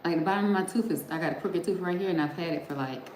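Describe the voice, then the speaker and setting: Talking rapid-fire in a lowish, darkish voice, a middle-aged woman chats casually and directly to her livestream audience, laughing frequently. The sound is roomy, with faint background noise.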